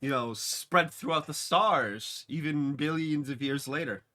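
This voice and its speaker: A man's voice: a little high, measured pace, bright, forceful tone. A man casually recapping a TV episode, rambling with many fillers and restarts. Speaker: TV episode reviewer.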